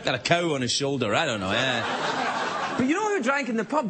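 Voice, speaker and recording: A man's voice: high voice, wildly swooping pitch, brisk. A Scottish man hosting a late-night talk show, delivering a rambling, self-mocking stand-up monologue. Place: television studio with live audience. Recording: studio audience laughter and noise.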